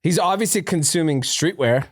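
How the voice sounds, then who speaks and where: Animated storytelling man, dry sound. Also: fairly high pitch, moderate pace, slightly rough, dry recording. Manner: animated storyteller, laughs often, swears. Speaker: podcast co-host. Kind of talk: casual chat.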